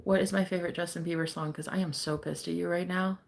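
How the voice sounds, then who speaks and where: A woman's voice: on the low side, fairly even intonation, fast talker, vocal fry, slight background noise. A young woman hosting a casual livestream as a psychic reader. She chats with viewers, laughs often and swears casually.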